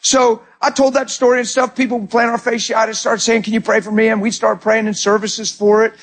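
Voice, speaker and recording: High-voiced guy preaching, husky tone, keeps restarting lines and acting out quotes. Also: a little fast. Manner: animated storytelling with repeated starts and acted-out quotes. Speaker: pastor. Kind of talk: sermon.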